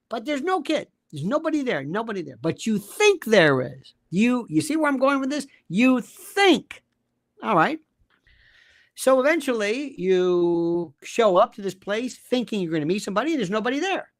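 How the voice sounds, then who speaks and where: Appearing as a guest commentator, a man argues emphatically in an animated conversational style, using rhetorical questions and acting out quoted voices. His high voice swings widely in pitch at a normal speed.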